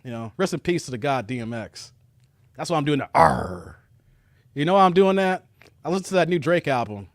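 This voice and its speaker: A man from Chicago hosting a reaction commentary livestream, talking straight to his viewers in a mocking, animated way. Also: a little high, a little fast, dry recording, studio quality. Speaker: commentary show host.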